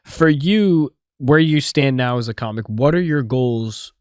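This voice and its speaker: A man's voice: medium pitch, expressive, unhurried, darkish tone, clear, resonant tone, no room sound, studio quality. A man hosting a podcast interview who asks long, easygoing, rambling questions. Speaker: podcast host.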